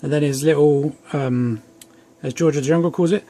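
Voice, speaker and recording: Rambling guy, slightly high voice. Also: steady tone, normal speed, warm tone. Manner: chatty, rambling, self-deprecating asides. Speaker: toy reviewer. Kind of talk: casual action-figure review. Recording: faint background noise.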